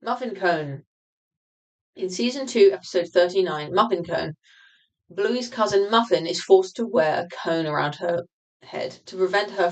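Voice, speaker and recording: A woman reads aloud from her own nonfiction book for a livestream audience. Her voice sits on the low side, and she keeps a steady, explanatory pace, now and then backing up to restart a word. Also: rough recording. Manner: measured, explanatory reading with occasional restarts.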